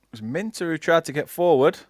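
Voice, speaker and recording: Brisk and animated, a young Lancashire man from England runs a live football watchalong for his fan channel. He calls the action, chats with viewers and reads their comments between plays. His voice is fairly high, recorded in studio quality without room sound.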